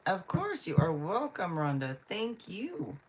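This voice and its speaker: A woman's voice: medium pitch, sing-song, measured pace, a little hiss or hum. A woman giving a live tarot reading, chatting with viewers by name and reading out cards, with frequent laughs. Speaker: tarot reader.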